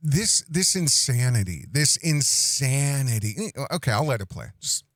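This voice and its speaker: A man hosting a podcast, commenting on a clip in an exasperated, drawn-out way. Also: mid-range voice, very animated, fairly bright tone, no echo, studio quality. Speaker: podcast host.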